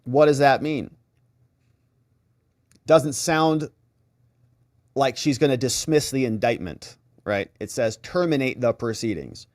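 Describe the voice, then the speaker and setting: A man hosting legal commentary, talking casually with a sarcastic, animated manner. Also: mid-range voice, takes it slowly, long pauses, no echo, clean studio sound. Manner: animated, sarcastic, mimics reactions.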